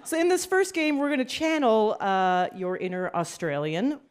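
A woman's voice: fairly high pitch, normal speed, very noisy. A woman hosting a live radio quiz show, joking and laughing with contestants in front of an audience. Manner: playful, laughing, joking banter.

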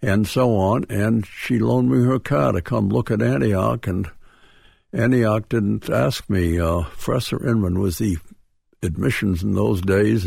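An older man from Dedham with a Boston accent, reminiscing as a radio interview guest in a halting way, with many restarts and chuckles. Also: fairly low pitch, darkish tone, dry recording, clean studio sound. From Dedham, Massachusetts. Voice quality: gravelly, husky. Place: radio studio.

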